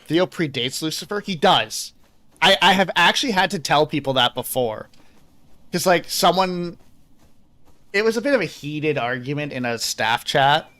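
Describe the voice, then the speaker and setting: A man's voice: fairly high pitch, animated, normal speed, sharp tone. Rambling male game streamer. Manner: rambling, self-deprecating, swears freely. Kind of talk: casual chat.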